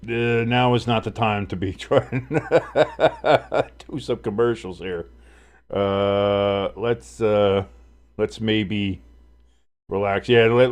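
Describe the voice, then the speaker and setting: A man hosting a casual live sports stream, calling plays and reacting in a blunt, profane, rambling way. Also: fairly low pitch.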